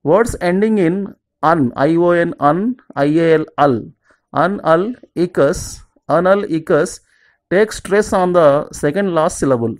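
A teacher talks a class through exam preparation at a middle pitch. The lesson moves in steady, repetitive drills, with each example word set apart slowly and lower before it is repeated. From southern India. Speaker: English teacher. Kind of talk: exam-prep grammar lesson.

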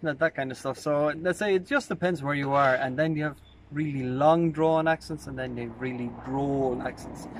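A man's voice: medium pitch, normal speed, noisy background. A man with a Tipperary Irish accent, a tour guide chatting casually and humorously with plenty of rambling. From Ireland.

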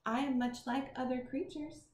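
Woman reading as a gentle, puzzled young T. rex. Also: high-pitched, steady tone, normal speed, voice pushed up, close to an everyday voice. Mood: wondering. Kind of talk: reading a picture book aloud. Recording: roomy with faint noise.

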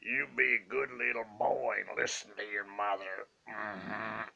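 A man doing an impression of a slow, gentle Southern man from a movie, grunting mm-hmms in a gravelly voice. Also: lowish voice, flat delivery, exaggerated voice. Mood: slow, contented. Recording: dull lo-fi recording.

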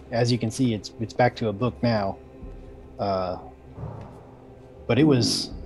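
A man playing a tabletop game in character, calm and reasoning, with small hesitations. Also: medium pitch, poor audio. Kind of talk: in-character role-play. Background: faint background music.

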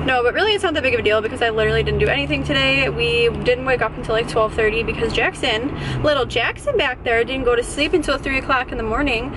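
A young woman with a bright, high voice talks straight to her phone from the driver's seat of her car. She rambles through a casual story, stuffing nearly every phrase with "like." A faint hiss of noise sits under her voice. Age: young adult. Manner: rambling, chatty, heavy use of "like". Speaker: vlogger, young mother. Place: inside a parked car.

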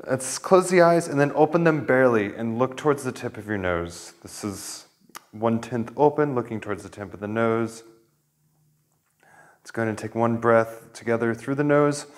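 A man teaching a live kundalini yoga class, giving relaxed, gentle instructions with light humor. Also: medium pitch, moderate pace.

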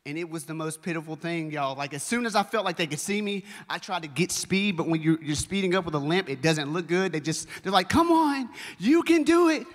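A young man, a children's pastor, preaching a sermon and telling a story in an animated, conversational way, speaking straight to his congregation. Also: on the high side, a little fast, few pauses. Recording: long reverb of a large hall.

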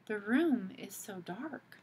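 A woman's voice: medium pitch, lively intonation, slow pace, darkish tone, a little hiss or hum. A woman voicing a clever eldest girl who keeps asking curious questions. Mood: questioning.

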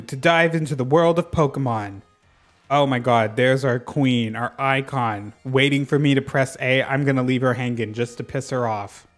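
A man talking over his gameplay in a let's play, sassy and excitable, with swearing dropped in all the time. His voice sits at a middle pitch for a man. It is recorded close on a desk microphone. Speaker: gaming channel host.

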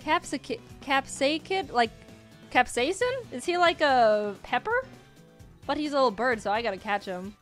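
A young woman in her twenties casually commenting while playing a video game, often jumping high when excited. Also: moderate pace. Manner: excitable, squeals high at cute creatures. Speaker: gaming YouTuber. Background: faint game music.

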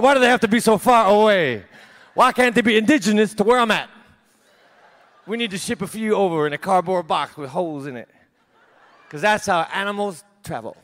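A man in his thirties performs stand-up on a large theater stage before a live audience. His voice sits high, and his deadpan one-liners trail off into small laughs at himself.

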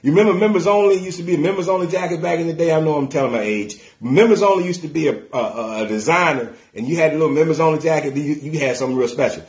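A middle-aged man preaching a sermon as pastor, plain-spoken and colloquial, getting excited and breaking into bits of gospel song. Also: fairly high pitch, rapid-fire, hardly any pauses, reverberant. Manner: excitable, shouts and sings snatches of gospel songs.

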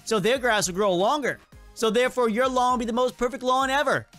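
A man hosting a casual let's-play video, talking in an excitable, rambling and self-mocking way as he comments on the game. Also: very high-pitched, fairly quick, soft background music. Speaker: gaming video host.

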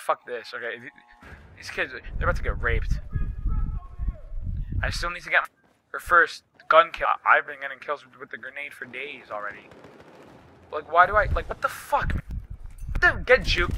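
A young man commentates a live shooter match, his voice very bright and set a little high for a man. He swears freely and snaps into frustrated outbursts, with faint game noise underneath. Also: sing-song, moderate pace, pauses often. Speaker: gaming YouTuber.

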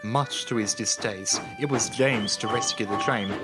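Man narrating a calm storybook. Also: on the low side, measured pace. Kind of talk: scripted narration. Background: music.

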